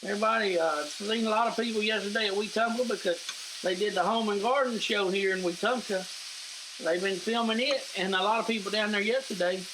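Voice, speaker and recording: In a home kitchen, a middle-aged cooking show host runs a relaxed demo, talking to viewers as guys in a folksy, chatty way. His voice sits high, and there is noise in the background.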